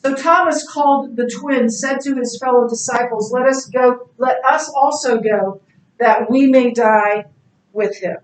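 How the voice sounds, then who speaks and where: A middle-aged woman teaching a Bible class in a casual, animated way, telling stories and laughing easily. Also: a little high, a little slow. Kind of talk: casual classroom lecture with anecdotes. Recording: echoey classroom, distant mic.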